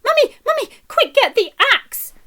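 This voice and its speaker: A woman's voice: very animated, normal speed, pushed and bright, heavily acted. A woman doing a panicked young boy. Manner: urgent, high calling. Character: young boy hero, anxious.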